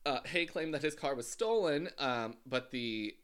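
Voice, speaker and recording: A man casually telling a true-crime story as a podcast host, halting often with filler sounds. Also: mid-range voice, animated, fairly bright tone, clean tone.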